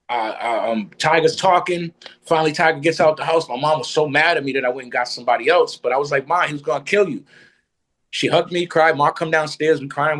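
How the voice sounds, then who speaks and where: A man's voice: a little high, poor audio. A man telling a personal story as a podcast guest, blunt and profane.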